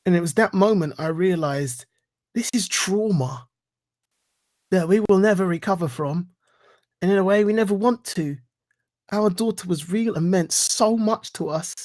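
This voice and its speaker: A man giving a reflective talk and reciting spoken-word poetry in an earnest, rhythmic way with deliberate pauses. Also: high voice, a little mellow. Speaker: guest speaker.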